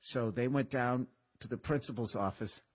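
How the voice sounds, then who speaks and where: Man, forties, podcast host, husky voice, swearing storyteller. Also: medium pitch, normal speed. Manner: profane, animated storyteller. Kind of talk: casual storytelling chat.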